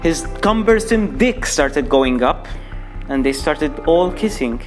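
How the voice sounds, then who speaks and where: Young guy reading a dirty joke story out loud, voice jumps all over, bit high, keeps mocking the listener. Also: expressive, slow pace, soft background music. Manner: crude, mocking asides to the listener. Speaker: comic storyteller. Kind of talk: mock bedtime story reading.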